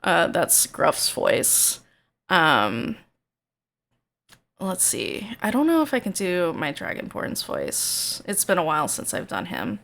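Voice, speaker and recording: A woman's voice: lowish voice, huge pitch swings, normal speed, creaky, hardly any pauses, fairly bright tone. A woman streamer in casual, rambling chat, hesitant and self-deprecating.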